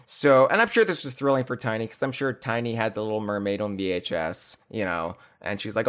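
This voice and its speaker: A man's voice: medium pitch, fairly quick, few pauses, fairly bright tone, clear, resonant tone. A man hosting a podcast, chatting casually in rambling, joking runs with restarts. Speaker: podcast host. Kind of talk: casual chat.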